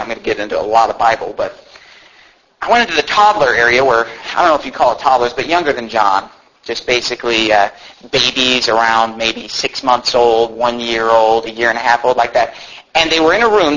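Heard through muffled lo-fi audio, a medium-pitched man with a fairly bright tone delivers a sermon. His storytelling is sincere and conversational, with many restarts and asides.

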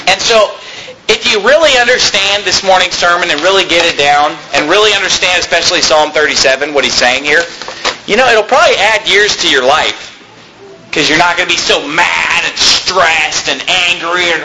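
A man's voice: high voice, expressive, moderate pace, noisy background. A man preaching a sermon as pastor, reading scripture aloud and rising sharply on his exhortations.

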